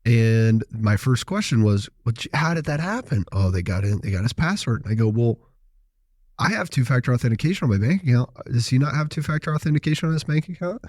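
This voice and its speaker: A man's voice: mid-range voice, expressive, fast, darkish tone, no room sound, studio quality. A man co-hosting a podcast, telling stories and acting out both sides of conversations. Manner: storytelling, acts out dialogue. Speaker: podcast co-host. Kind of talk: casual podcast chat.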